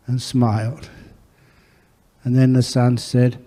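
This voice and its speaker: Male monk teacher, mellow voice, anecdotal dharma talk, long-reverb monastery hall. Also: medium pitch, little pitch movement, a little slow, pauses often. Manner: warm anecdotal storytelling with acted dialogue.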